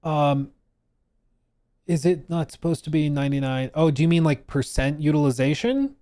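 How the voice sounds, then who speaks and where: Lively chatty male streamer. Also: a little high, normal speed, no room sound. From Colorado. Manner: chatty, reads chat aloud, explains and jokes. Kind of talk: casual live-stream chat.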